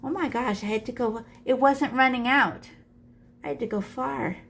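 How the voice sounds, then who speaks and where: A woman's voice: fairly high pitch, normal speed, fairly bright tone. A woman art teacher demonstrating shading, chatting playfully and thinking aloud as she draws. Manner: chatty, playful, talks to herself while drawing. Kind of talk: live drawing lesson demonstration. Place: classroom.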